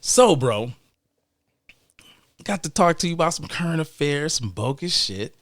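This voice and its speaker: A man's voice: fairly high pitch, animated, measured pace, fairly bright tone, no room sound. Male podcast host, laid-back and slangy, rambling, recorded dry and close. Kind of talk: casual chat.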